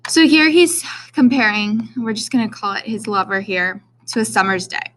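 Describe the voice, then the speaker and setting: A woman's voice: medium pitch, expressive, moderate pace, fairly bright tone, a little hiss or hum. A young adult woman teaching a recorded lesson. She speaks casually and fills her sentences with "um". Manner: casual, many "um" fillers.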